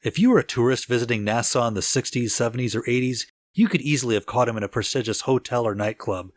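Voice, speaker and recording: A man co-hosting a casual music-history podcast, relaxed and chatty with easy laughter and plenty of fillers. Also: medium pitch, fast talker. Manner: relaxed storyteller, laughs easily, lots of filler "like". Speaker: podcast co-host.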